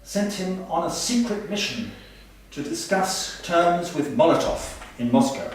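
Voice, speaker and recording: A man's voice: sits high, sing-song, unhurried, a little hiss or hum. A man playing a pompous, boastful male language professor in a stage comedy sketch, heard from far off in an echoey hall. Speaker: comic stage performer.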